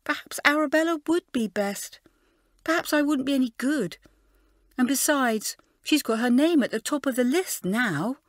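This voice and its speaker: A woman's voice: high-pitched, lively intonation, no echo, studio quality, voice pushed up. A woman reading an audiobook, voicing a headstrong schoolgirl who speaks crossly and sulkily. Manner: cross and sulky, quick to brighten. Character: headstrong, moody schoolgirl heroine. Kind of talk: audiobook character voice.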